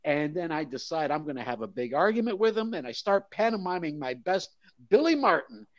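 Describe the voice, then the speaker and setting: An older man telling a lively anecdote in an interview, acting out voices of the crowd. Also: on the high side, a little fast, dry recording, dull audio. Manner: animated storyteller, acts out crowd voices. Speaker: guest, mascot performer. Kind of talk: storytelling interview.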